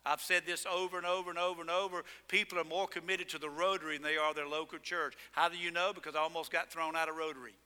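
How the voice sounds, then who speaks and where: A male pastor delivers a sermon in an animated storytelling manner, punching words with sudden loud emphasis. His voice sits high and sounds very bright and forceful. Long reverb from the sanctuary trails after each phrase. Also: fast talker, few pauses, clean tone. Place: church sanctuary.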